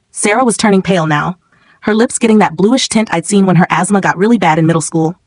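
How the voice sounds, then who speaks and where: A woman narrating a scripted first-person story in a steady, tense way. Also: fairly low pitch, fast talker, dry recording, poor audio.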